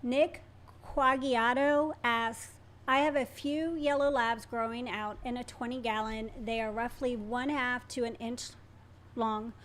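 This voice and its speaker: A woman co-hosting a casual livestream Q&A, answering in an easygoing way with quick short replies. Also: a little high, steady tone, fairly bright tone. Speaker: co-host.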